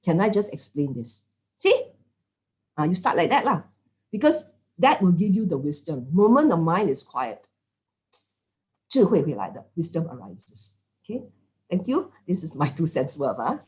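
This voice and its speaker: A woman's voice: lowish voice, sing-song, moderate pace, long pauses, a little mellow. A middle-aged woman with a Singaporean English accent gives a chatty dharma talk, full of "lah" and "okay?" and little acted-out quotes. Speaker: lay Dhamma teacher.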